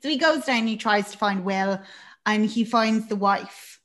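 A woman's voice: mid-range voice, a little slow, a bit bright. A woman casually recapping a film, chatty and rambling, with fillers and swearing.

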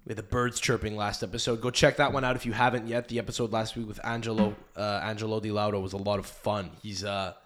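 A man's voice: fairly low pitch, level tone, fast, few pauses, fairly bright tone. A young man hosting a podcast in casual chat, rambling through stories and swearing often. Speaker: podcast host.

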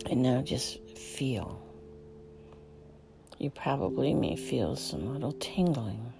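A woman guiding a relaxation meditation in a slow, soft, half-whispered voice, with music playing underneath. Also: rumbling low, low-quality recording. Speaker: meditation guide. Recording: clear instrumental music underneath.

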